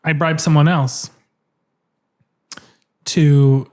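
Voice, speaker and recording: A man's voice: on the high side, flat delivery, very slow, darkish tone, clear, resonant tone. A man co-hosting a comedy podcast, spinning playful, rambling improvised stories. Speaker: podcast co-host.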